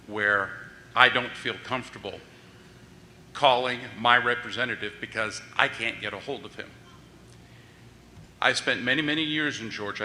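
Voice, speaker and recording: A middle-aged man giving plain, measured, polite public testimony. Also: on the low side, sharp tone. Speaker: public commenter. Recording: echoey hearing room with faint hiss.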